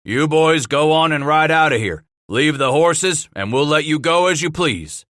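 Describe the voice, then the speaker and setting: A man's voice: a little high, lively intonation, a little slow, a bit bright, no room sound, clean studio sound, voice pushed up. A man voicing a menacing male frontier horse thief leader who taunts and threatens. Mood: threatening.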